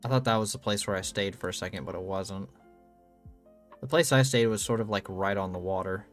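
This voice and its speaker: A man's voice: fairly low pitch, brisk, soft background music. A young adult man streaming, telling loose, rambling stories with lots of ums and casual swearing.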